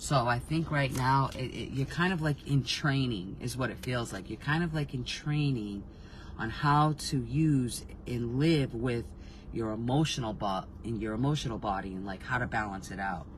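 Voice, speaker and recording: Male reader, mid-pitched, rambling and blunt, casual spiritual reading with frequent restarts and swearing. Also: moderate pace, a little hiss or hum, poor audio. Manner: rambling, self-interrupting, swears freely; frank, emotionally reactive. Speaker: intuitive reader.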